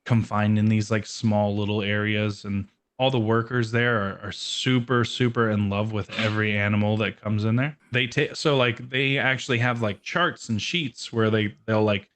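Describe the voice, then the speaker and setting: A man's voice: fairly low pitch, steady tone, moderate pace, hardly any pauses, fairly bright tone. A young man chatting casually on a podcast, loose and rambling, full of "like" fillers, laughing easily. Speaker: guest, metal band musician and dog owner.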